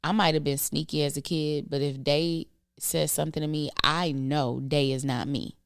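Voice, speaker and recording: Low gravelly-voiced middle-aged woman. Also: fairly even intonation, moderate pace, no echo, studio quality. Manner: thoughtful, earnest, speaks softly at times. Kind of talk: reflective casual conversation.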